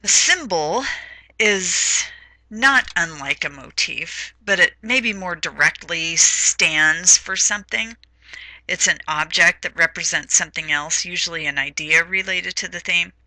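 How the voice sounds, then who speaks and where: A woman's voice: on the low side, measured pace, pushed and bright, no room sound, low-quality recording. A woman teaching a literature lesson in a recorded lecture, talking in a hesitant way with many fillers.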